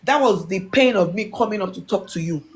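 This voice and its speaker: Animated woman on a live chat. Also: medium pitch, a little fast. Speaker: live stream speaker.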